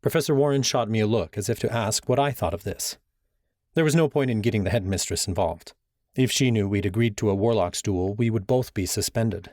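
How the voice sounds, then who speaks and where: Low-voiced male audiobook narrator. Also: brisk, a little mellow, no room sound, clean studio sound. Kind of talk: first-person fiction narration.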